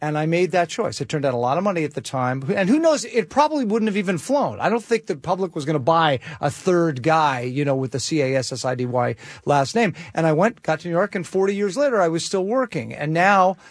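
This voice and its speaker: A man's voice: on the high side, lively intonation, fairly quick, few pauses, no echo, studio quality. An older man on a talk show, chatting casually and with wry humor about his career. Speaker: co-host. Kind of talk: casual chat.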